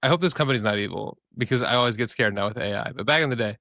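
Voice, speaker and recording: Casual young guy on a podcast, animated and profane, does silly voices, mid pitch, dry sound. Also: racing, dry recording. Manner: animated storyteller, swears freely, mimics voices. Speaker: podcast co-host.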